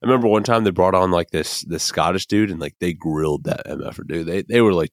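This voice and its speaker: A man's voice: low voice, fast, few pauses, no echo, clean studio sound. A young man from the American Midwest hosting a podcast, rambling in casual, emphatic commentary full of fillers and the odd curse word. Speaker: podcast host.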